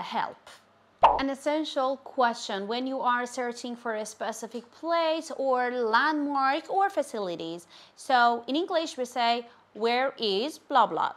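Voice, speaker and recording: A woman giving a language lesson, saying each phrase slowly and repeating it with care. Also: on the high side. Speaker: language teacher. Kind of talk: slow, clear language lesson.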